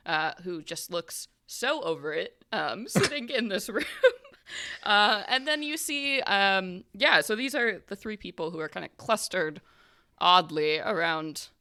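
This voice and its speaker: A woman narrates a tabletop game as its game master. Her low voice is bright, with plenty of vocal fry, and she rambles loosely from one filler to the next. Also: a little slow.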